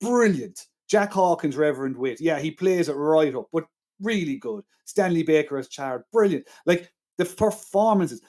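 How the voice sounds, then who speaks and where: A man's voice: fairly high pitch, expressive, moderate pace, a little mellow. A man co-hosting a casual film-review podcast, talking in an enthusiastic, emphatic and argumentative way. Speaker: podcast co-host.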